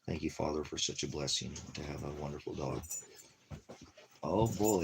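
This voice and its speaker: A man's voice: rumbling low, normal speed, creaky, long pauses, heavy background noise. A man rambling in a casual monologue, talking affectionately to his dog and musing about money and leaving town. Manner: rambling, talks baby-talk to his dog in bursts. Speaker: ministry vlogger.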